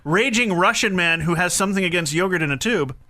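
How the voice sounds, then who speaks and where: Bright-voiced man telling stories. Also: sits high, quick pace. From Canada. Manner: animated storyteller, self-mocking. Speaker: podcast co-host, voice actor. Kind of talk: casual chat.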